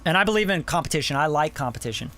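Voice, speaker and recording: A man's voice: fairly high pitch, animated, racing, heavy background noise. A man producer giving loose, profane feedback on songs in a casual live-stream review. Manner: loose and profane, lots of "like" and "bro".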